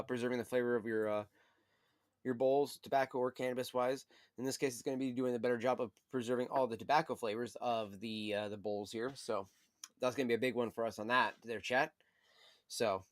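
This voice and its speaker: A man's voice: medium pitch, no echo. A man hosting a pipe smoking livestream, talking in a casual, rambling way full of fillers. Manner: rambling, filler-heavy, relaxed. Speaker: pipe smoking channel host.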